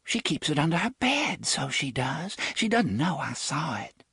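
A man's voice: on the high side, very animated, unhurried, creaky, sharp tone, husky, no room sound, clean studio sound, voice pushed up, exaggerated voice. A man doing a dreamy, lilting young woman. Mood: childlike. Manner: dreamy, lilting, childlike sing-song.

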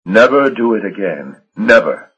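A man voicing a pale, formal, coldly menacing gentleman who speaks in clipped, controlled commands. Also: lowish voice, lively intonation, unhurried, breathy edge, highs cut off, voice pushed up, exaggerated voice. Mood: stern formal.

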